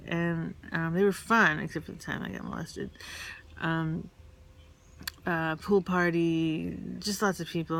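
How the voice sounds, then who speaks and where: A woman from New York tells candid personal stories in a casual, rambling way. Her voice is gravelly and her pitch stays flat and even. She halts often, with fillers and restarts. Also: a little hiss or hum. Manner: candid, confessional.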